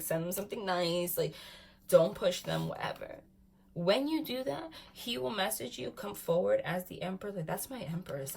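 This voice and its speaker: Excitable woman reading tarot cards. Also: lowish voice, vocal fry. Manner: excitable, swings from calm to loud laughing outbursts; says "freaking" and "like" often. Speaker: tarot reader. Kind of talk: casual tarot reading to camera.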